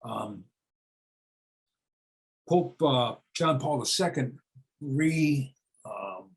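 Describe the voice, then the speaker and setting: A man's voice: mid-range voice, lively intonation, drawn-out words, poor audio. A man in his seventies from the United States, talking unscripted to an audience. He speaks in a searching, conversational way, restarting phrases and asking rhetorical questions that he answers himself. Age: 70s. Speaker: speaker on church reform.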